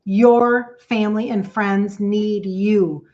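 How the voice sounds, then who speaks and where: A woman's voice: medium pitch, steady tone, slow, highs cut off. A middle-aged woman, a health coach hosting an emotional livestream talk, speaking emphatically with lots of repetition and greeting viewers by name.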